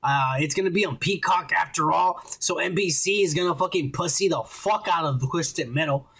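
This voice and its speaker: A podcast host rants in a profane, bossy casual chat. His voice sits high and gravelly, with a husky edge. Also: moderate pace, a bit bright. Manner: bossy, swearing, talks over his co-host.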